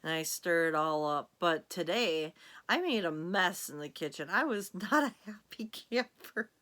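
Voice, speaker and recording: A woman's voice: lowish voice, expressive, moderate pace, pushed and bright. A woman vlogger chatting casually to her camera in a rambling, giggly way.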